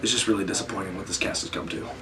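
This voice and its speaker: A man's voice: low-pitched, fairly even intonation, rapid-fire, recorded from a distance, crowd noise. A man rambling awkwardly with lots of filler words in a comic mockumentary interview. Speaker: interviewee in a mock documentary.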